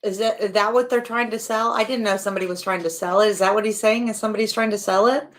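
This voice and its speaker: A woman's voice: medium pitch, steady tone, fast talker. A woman chatting casually as she comments live, wry and thinking aloud with asides.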